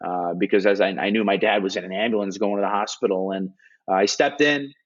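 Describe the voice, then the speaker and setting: Male sports analyst, lowish voice, earnest animated storyteller, dull lo-fi sound. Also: quick pace. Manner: earnest, animated retelling with many restarts and filler words. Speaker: hockey broadcast analyst. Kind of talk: interview storytelling. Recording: dull lo-fi audio.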